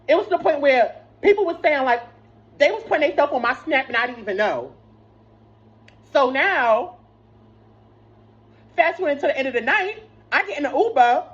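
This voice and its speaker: A young woman telling a rambling, profane storytime, full of restarts and fillers. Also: a little high. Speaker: vlogger. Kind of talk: casual storytime. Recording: slightly dull lo-fi sound with faint noise.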